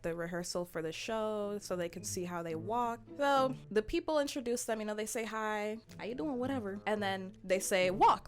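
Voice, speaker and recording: A woman recapping a reality show in casual commentary, playful and blunt, laughing often and dropping slangy asides. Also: fairly low pitch. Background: background music.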